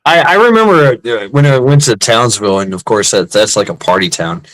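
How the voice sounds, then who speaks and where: A man's voice: on the low side, animated, a little fast, fairly bright tone, rough recording. Crude rambling American storyteller man. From United States. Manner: profane, rambling, laughs at own stories.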